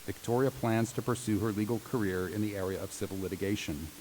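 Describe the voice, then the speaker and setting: In a large, reverberant commencement hall with faint hiss, a male announcer reads graduates' tributes aloud, formal yet slipping in playful jokes. His voice is fairly low and darkish, and he talks fast.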